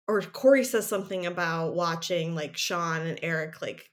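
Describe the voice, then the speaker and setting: On the podcast she co-hosts, a woman with a lowish voice and moderate pace recaps a TV episode, storytelling with energy, plenty of "like" fillers and many laughs.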